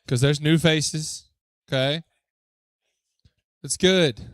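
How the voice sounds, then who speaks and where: Speaking to young people at church, a youth pastor keeps things lively with jokes and quick questions to get the crowd going. His fairly bright voice sits a bit high for a man, and the close, dry recording has no echo.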